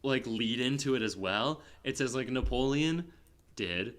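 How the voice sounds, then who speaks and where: A man in casual podcast chat, reviewing a film in a loose, rambling way. He leans on fillers and restarts, then jumps up in energy when a point excites him. His pitch sits in the middle for a man. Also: unhurried. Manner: rambling, heavy filler "like", animated bursts. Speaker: podcast co-host.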